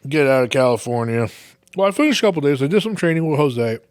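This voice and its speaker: This man, a podcast host, tells a long and lively story at a quick pace in a medium-pitched voice, swearing all the while and acting out exaggerated reactions. There's slight background noise.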